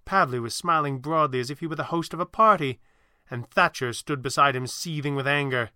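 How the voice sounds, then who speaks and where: A man narrating an adventure story in a steady, vivid storytelling style. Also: fairly high pitch, fairly quick, no room sound, studio quality.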